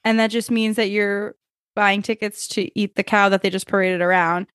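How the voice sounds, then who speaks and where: A woman co-hosting a podcast, talking casually with wry, deadpan asides. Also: medium pitch, moderate pace, smooth, no room sound, studio quality. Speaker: podcast co-host. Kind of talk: casual chat.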